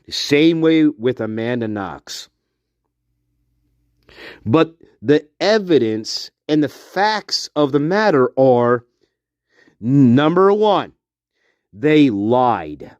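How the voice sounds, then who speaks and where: A man's voice: mid-range voice, lively intonation, drawn-out words, long pauses, a little mellow, no room sound. A man giving a profane, repetitive, accusatory rant as a true-crime commentator, recorded on a dull lo-fi track. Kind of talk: angry solo rant to camera.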